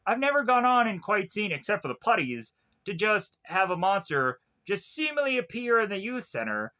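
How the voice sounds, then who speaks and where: A man's voice: high voice, sing-song, normal speed, pushed and bright. A young man casually recapping TV episodes, rambling with many fillers and frequent chuckles. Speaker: TV show reviewer.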